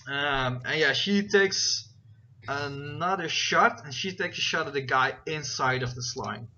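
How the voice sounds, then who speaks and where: Bright-voiced man running a tabletop game. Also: fairly high pitch, unhurried. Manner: rambling, filler-heavy, checks rules aloud. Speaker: game master. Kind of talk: narrating a tabletop game over voice chat. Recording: dull, lo-fi voice chat with faint noise.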